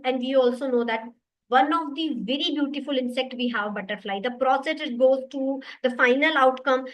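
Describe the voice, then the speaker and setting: Woman teacher, high bright voice, patient repetitive explainer on an online class mic. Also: low-quality recording. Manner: explanatory, repeats points, addresses students. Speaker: web development teacher.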